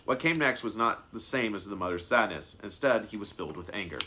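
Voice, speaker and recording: A man with a low, deep voice reads his own story aloud in a live reading. He trips over words now and then and goes back to fix them, keeping an unhurried storytelling tone. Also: expressive, bright, forceful tone. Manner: unscripted stumbles and self-corrections. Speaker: author and narrator.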